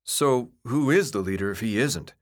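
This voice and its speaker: A hesitant, earnest teenage newcomer asks his questions plainly, as a male narrator voices him. The pitch moves with lively rises. It is a storybook reading. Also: moderate pace, lightly acted. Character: unsure newcomer teenage boy.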